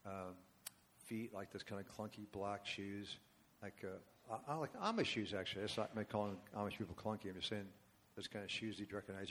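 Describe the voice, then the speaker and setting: A man in his seventies, a worship leader speaking to a church congregation, telling a long story with casual asides. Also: fairly low pitch. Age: 70s. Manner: rambling and conversational, asides to the congregation. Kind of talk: storytelling sermon.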